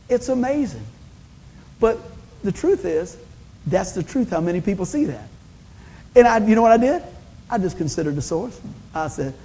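High-voiced folksy preacher man. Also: animated, moderate pace, long pauses, a little mellow, breathy edge, in a large hall, poor audio. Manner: folksy, storytelling, acts out conversations with big pitch swings. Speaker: pastor. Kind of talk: sermon.

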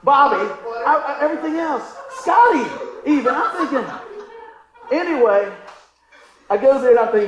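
A man's voice: very high voice, animated, normal speed, echoey room, background noise. A middle-aged man preaching a sermon, telling a funny story and calling for responses from the congregation. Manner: folksy, call-and-response, acts out story voices. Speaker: pastor.

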